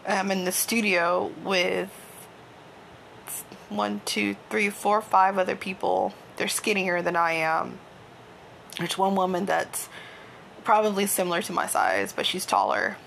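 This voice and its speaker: A woman's voice: medium pitch, measured pace, gravelly, long pauses, fairly bright tone, a little hiss or hum. A woman, hosting and candidly telling a self-deprecating personal story, often laughing. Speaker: podcast host. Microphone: home microphone.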